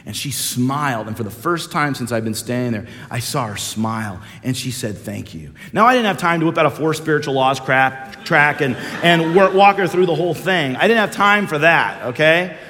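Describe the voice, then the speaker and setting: A man preaching a sermon as a minister, telling a story with lively swings and hushed solemn moments. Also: a little high, normal speed, few pauses. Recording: long reverb of a large hall.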